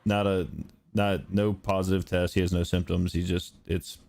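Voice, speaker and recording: A man's voice: sits low, flat delivery, moderate pace, gravelly, darkish tone. A man, a father, co-hosting a casual chat, laid-back and telling stories with easy laughs.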